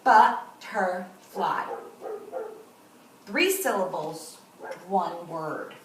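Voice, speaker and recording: A woman teaching kindergarten, who talks slowly and clearly to young children and sounds out and repeats words. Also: high-pitched, animated, a bit bright. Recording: roomy echo, voice from a distance, faint noise.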